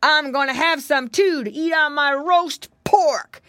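A woman's voice: sits high, a little slow, fairly bright tone, no room sound, clean studio sound, pitched above the performer's own voice. A woman voicing a big hungry male black bear in a children's story, growling and drawn out. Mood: greedy growling.

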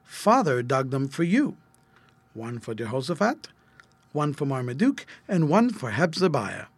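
A man voicing a patient, gentle mother of three children in a storybook reading, speaking softly and kindly. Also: medium pitch, sing-song, measured pace, slightly rough, no room sound, heavily acted.

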